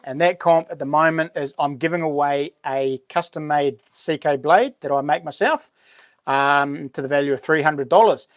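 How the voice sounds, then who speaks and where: In studio-quality audio with no echo, a New Zealand livestream host chats upbeat and casually with his live chat, calling viewers "mate" and "buddy." His voice is a little high, and his pace is moderate.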